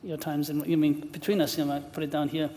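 Man from Wales, interview host, fast talker, short brisk prompts, long hall reverb, faint background noise. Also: a little high, little pitch movement, mellow. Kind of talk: interview hosting.

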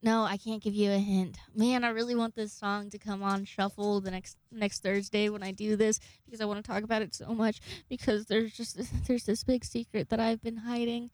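A woman's voice: mid-range voice, level tone, moderate pace, hardly any pauses, darkish tone, no room sound. A young woman hosting a casual monologue, rambling in a chatty way and swearing freely. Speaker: host.

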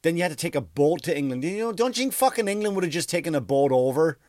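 A man from Ireland, telling a rambling, profane mock history with deadpan jokes and silly put-on voices. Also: a little high, fast, dry recording, clean studio sound. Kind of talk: comedic storytelling monologue.

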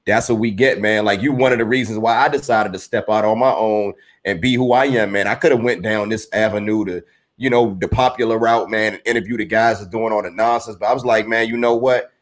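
A man's voice: fairly low pitch, steady tone, brisk. Admiring male host, rambling. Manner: admiring, rambling, peppered with "man". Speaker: interviewer, host. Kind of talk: casual interview talk.

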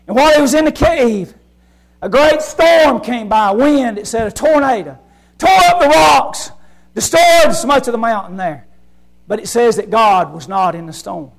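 A man with a strikingly high voice preaches a fervent sermon. He swings from shouting down to a near hush, and keeps asking his listeners rhetorical questions. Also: vocal fry, low-quality recording. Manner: fervent, swinging from loud shouting to hushed quiet; asks the congregation rhetorical questions.

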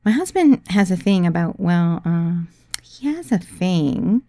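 A woman voicing an eager but embarrassed woman in a business suit, who talks haltingly. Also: fairly low pitch, very animated, dark tone. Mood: confiding.

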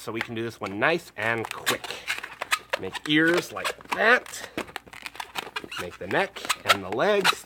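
A man reads a picture book aloud to children in an upbeat, encouraging way. His pitch rises and falls a lot. He takes his time, speaking slowly. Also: heavy background noise. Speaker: children's storyteller.

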